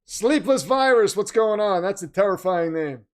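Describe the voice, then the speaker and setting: A man's voice: sits high, lively intonation, moderate pace. A man hosting a live stream, reacting to a football game and chatting with viewers, swinging into announcer-style hype. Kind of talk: casual live-stream commentary.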